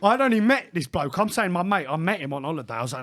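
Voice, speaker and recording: A man telling lively, laughing stories as a guest on a casual podcast. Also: sits high, fast talker. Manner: animated, laughs often, acts out quoted voices. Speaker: guest DJ and producer.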